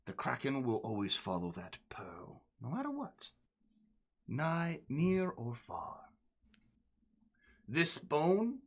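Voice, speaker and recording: A shameless, roguish sea captain, put on by a man. He speaks in a low voice with a put-on British-tinged accent and drops into sly, muttered asides. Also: full character voice.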